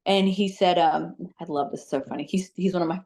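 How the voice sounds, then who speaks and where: A woman with a fairly low voice tells stories as an interview guest. Her delivery is chatty and animated, with plenty of "like" and "um" fillers. She speaks as a psychic medium sharing her experiences. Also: fairly quick. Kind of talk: casual storytelling in an interview.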